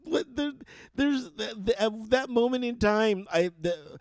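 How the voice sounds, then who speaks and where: A man telling a story in casual podcast chat, animated and swearing freely. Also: high voice, unhurried, no room sound. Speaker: podcast co-host.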